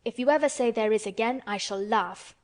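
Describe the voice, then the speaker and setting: Audiobook: woman narrator doing a fierce little girl, high and shouting, scolding hard. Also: fairly quick, close to an everyday voice. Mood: stern.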